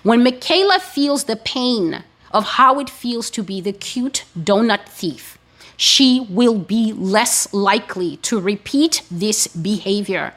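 A woman giving a sermon-style teaching, speaking in a slow, emphatic and deliberate way. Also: medium pitch, animated, fairly bright tone. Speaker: preacher.

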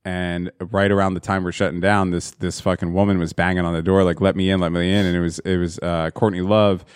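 A man's voice: sits low, flat delivery, a little fast, clear, resonant tone, no echo, studio quality. A man hosting a podcast, telling a profane, rambling story in a casual way with lots of fillers and restarts. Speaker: podcast host.

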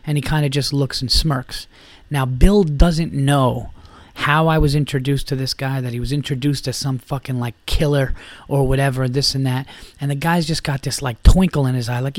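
A man of middle pitch tells a long, profane story on his podcast, jumping into the voices of the people in it. His delivery is loose and animated. The sound is dry and close to the mic. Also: moderate pace, no room sound. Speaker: podcast host telling a story. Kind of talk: casual storytelling.

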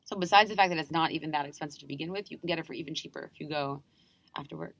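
Here a young woman from New York, American accent, is a guest performer chatting enthusiastically in a laid-back interview. She has a low, creaky voice with a touch of brightness, recorded with no room sound. Talkative and excited, she keeps restarting quickly.

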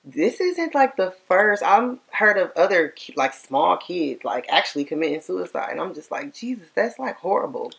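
A young woman with a fairly low voice co-hosts a casual podcast chat. She is chatty and fills her talk with "like" and rhetorical questions. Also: lively intonation, moderate pace, vocal fry, hardly any pauses, fairly bright tone. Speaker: podcast co-host.

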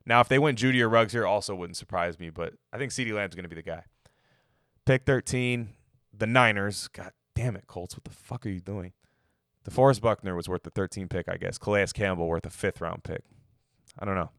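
An NFL mock draft podcaster, speaking fairly low and fairly quickly with a fairly bright tone, rambles through loose, profane, opinionated football draft takes. It's casual sports talk, recorded at studio quality with no room sound.

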